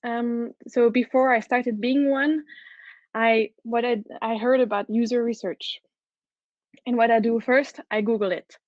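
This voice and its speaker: Brief: woman with a French accent, conference speaker, fairly high voice, earnest and keen, dull dry recording. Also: fairly even intonation, measured pace, darkish tone, no echo. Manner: enthusiastic, earnest, with frequent restarts. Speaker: head of product, conference speaker. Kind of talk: conference talk.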